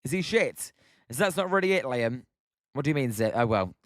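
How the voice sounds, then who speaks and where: A man's voice: mid-range voice, lively intonation, fairly quick, no echo, studio quality. A young British man hosting a live stream, calling play-by-play and chatting with viewers by name. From Britain. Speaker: live stream host calling a baseball game. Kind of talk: live play-by-play commentary while reading chat.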